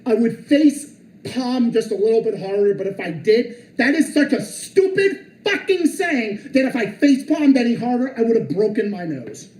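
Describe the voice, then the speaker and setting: A man's voice: very high voice, sing-song, normal speed, a little mellow. Exasperated, profane man ranting in a roomy space. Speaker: streamer. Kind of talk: angry rant.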